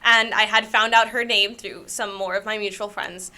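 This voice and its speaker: A woman's voice: mid-range voice, steady tone, normal speed, pushed and bright. A young woman co-hosting a podcast, telling personal stories in a rambling, self-deprecating way with frequent laughter. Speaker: podcast co-host. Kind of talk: casual storytelling chat.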